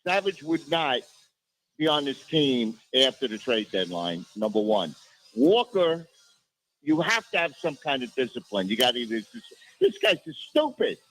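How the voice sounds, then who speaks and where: A man's voice: mid-range voice, sing-song, normal speed, a bit bright, low-quality recording. A man calling in to a sports radio show, exasperated and repeating rhetorical questions. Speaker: caller. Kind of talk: phone-in rant.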